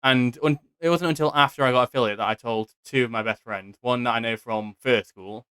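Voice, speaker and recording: British guy, young, casual podcast host, smooth voice, dry close sound, laughs and restarts a lot. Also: mid-range voice, a little fast, a bit bright, dry recording. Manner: chatty, giggly, stammering restarts. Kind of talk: casual chat. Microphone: home microphone, strict settings.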